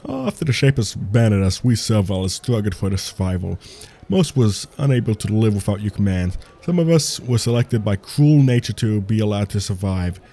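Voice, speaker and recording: A man's voice: lowish voice, animated, normal speed, warm tone. A man reading a proud servile tribe leader. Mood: guarded. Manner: reading game dialogue aloud with stumbles and restarts.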